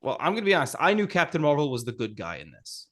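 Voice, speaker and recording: A man's voice: a little high, wildly swooping pitch, fast talker, fairly bright tone. A man in a casual podcast movie chat, throwing in dry wisecracks.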